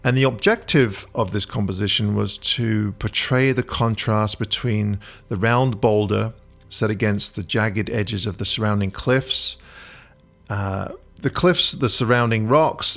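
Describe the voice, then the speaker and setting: A photography instructor with a low, gravelly voice narrates a voice-over tutorial over soft music. He explains things in a calm, relaxed way, frequently pausing with a thoughtful "uh."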